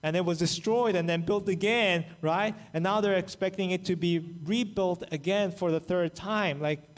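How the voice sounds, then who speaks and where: A man's voice: high voice, normal speed, hardly any pauses. A man pastor preaching a sermon for an online church service, telling the story with acted-out quotes. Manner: animated storytelling, acts out quoted voices.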